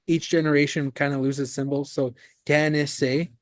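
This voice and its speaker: A man teaching a language class in a classroom, explaining patiently with relaxed fillers. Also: a little high, normal speed, no echo. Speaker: language instructor.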